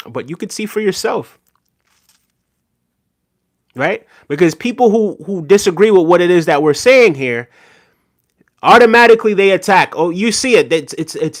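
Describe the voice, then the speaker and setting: A man's voice: high voice, animated, moderate pace, no echo, clean studio sound. Earnest man hosting a live chat stream. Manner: earnest, repeats "right?", thanks chatters by name. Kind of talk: casual live chat commentary.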